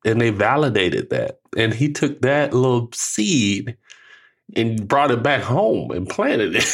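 An older man and grandfather co-hosting a casual talk show, telling stories with laughs and acting out what others said, in a relaxed slangy way. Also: mid-range voice, takes it slowly, husky. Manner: animated storyteller, acts out quotes with laughs; uses casual slang like finna and ain't. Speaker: podcast co-host. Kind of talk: casual chat.

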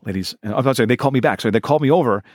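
Man, 40s, fast-talking animated storyteller, mid pitch, dry close mic. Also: no echo. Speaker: guest, professional magician. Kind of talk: storytelling in a podcast interview.

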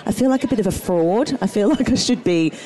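A woman's voice: mid-range voice, animated, fairly quick, mellow, a little hiss or hum. A middle-aged woman from Australia, with an accent mixed toward American, chatting as a self-deprecating comedian guest who laughs often. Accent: Australian with American mix. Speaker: guest comedian, actor and writer. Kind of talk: casual interview chat.

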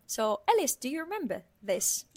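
A woman co-hosting a casual podcast lesson, explaining words patiently and saying them slowly to repeat. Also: high-pitched, sing-song, a little mellow. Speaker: language teacher, podcast co-host.

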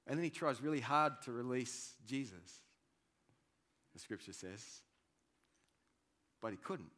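A man preaching a sermon, animated and conversational, swinging between loud emphasis and quiet asides. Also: medium pitch, a little slow, long pauses. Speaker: pastor.

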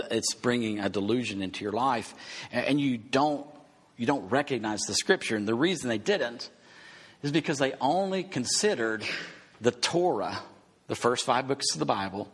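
Husky-voiced man preaching in a reverberant hall. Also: mid-range voice, fairly bright tone. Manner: emphatic teaching with rhetorical questions. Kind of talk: sermon.

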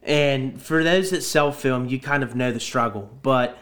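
A man's voice: medium pitch, measured pace, fairly bright tone. A man hosting a casual hunting podcast chat, rambling and restarting his sentences. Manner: rambling, repeats words as he restarts.

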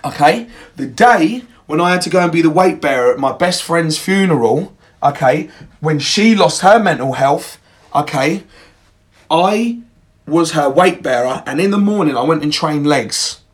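A man's voice: a little high, animated, measured pace. A young man hosting a podcast, giving a blunt, emphatic motivational monologue full of swearing. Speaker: podcast host.

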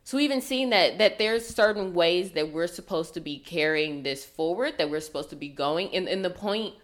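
A woman's voice: on the low side, animated, moderate pace. A woman with a Southern US accent, a guest in a casual podcast chat, speaking thoughtfully. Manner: thoughtful, reflective, with fillers.

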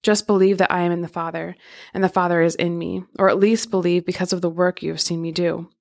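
A woman hosting a Bible podcast, chatting casually and then reading scripture aloud in a steady, even voice. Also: fairly low pitch, fast talker, creaky. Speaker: podcast host.

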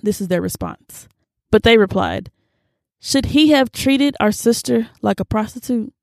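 A woman in her twenties talking earnestly and casually about a Bible story, lively when she quotes people and quieter when she shares her own life. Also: fairly high pitch, a little slow, vocal fry, no echo, studio quality. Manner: earnest and animated, slips into quoted voices, Southern-leaning casual speech. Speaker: faith vlogger. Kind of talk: personal Bible reflection, casual talk.

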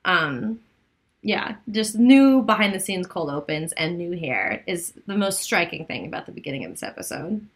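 A young woman co-hosting a podcast, talking in an animated way with quick asides and laughter. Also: on the low side. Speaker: podcast co-host. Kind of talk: casual recap chat.

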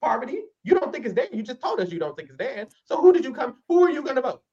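A man's voice: extremely high pitch, big pitch swings, fast, a little mellow, dull audio. A man co-hosting a podcast, recapping a reality show in casual chat, blunt and profane with sassy asides. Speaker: podcast co-host.

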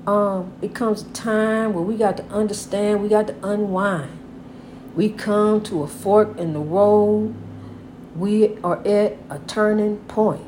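An older woman, a grandmother, gives casual inspirational advice about God, calling the listener honey in a folksy, repetitive, preachy style of God-centered encouragement. Her voice is medium-pitched with a darkish tone, and there is slight background noise.

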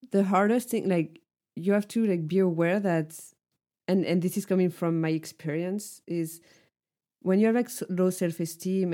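A woman with a lowish, warm voice co-hosts a podcast, talking earnestly in a casual conversation. Her sentences are full of "like" as a filler.

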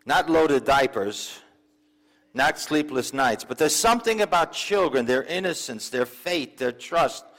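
A male pastor delivers a sermon with a slightly raised pitch, talking to the congregation in an easy, conversational way. He drops in asides and asks the listeners questions as he goes. His voice rings out in a church with a long, lingering reverb. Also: expressive, measured pace, fairly bright tone. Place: church sanctuary.

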